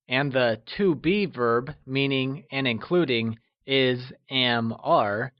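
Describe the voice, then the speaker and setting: A man narrating a scripted language lesson, slow and encouraging, with deliberate explanations. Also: medium pitch, no room sound, highs cut off. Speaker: language teacher.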